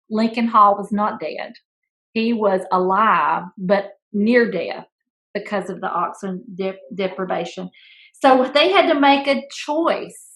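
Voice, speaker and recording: A woman co-hosting a casual chat, telling a story with playful teasing and an animated delivery. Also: medium pitch, rough recording. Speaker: school principal, podcast co-host.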